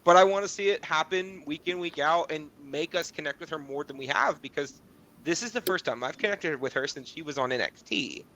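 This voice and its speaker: A man's voice: fairly high pitch, fairly quick, bright, forceful tone. A man co-hosting a podcast in casual chat, building his argument step by step with examples. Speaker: podcast co-host.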